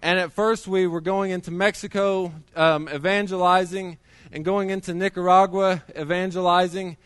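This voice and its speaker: A man's voice: high voice, steady tone, normal speed, a bit bright, clear, resonant tone, no room sound. A middle-aged man preaching a sermon, telling his testimony in a conversational way with many restarts.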